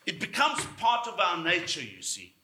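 A man preaching a sermon, emphatic, slowing down to stress key words. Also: sits high, wildly swooping pitch, sharp tone, slight background noise. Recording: echoey room.

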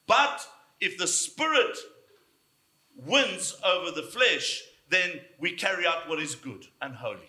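Bright-voiced man preaching in an echoey room. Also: high voice, expressive. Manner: emphatic, slows down for stress. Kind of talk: sermon.

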